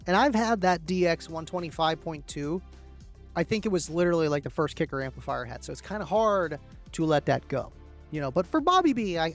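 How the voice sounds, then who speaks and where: A man hosting a casual livestream, rambling and thanking viewers by name as he reads the chat. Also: a little high. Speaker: livestream host reading chat.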